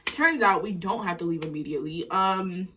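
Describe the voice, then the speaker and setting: A young woman of nineteen talks fast and rambles, jittery from coffee. Her voice is bright with a husky edge. She records casually on a phone while getting ready at home. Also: fairly low pitch. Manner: excited, rambling, fast-talking. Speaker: vlogger. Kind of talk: casual vlog chat.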